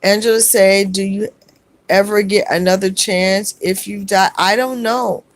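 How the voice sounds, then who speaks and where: Soft-spoken woman reading chat aloud. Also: medium pitch, steady tone, no echo. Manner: soft-spoken, halting, many fillers and restarts. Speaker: livestream host. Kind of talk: casual livestream, reading chat comments aloud.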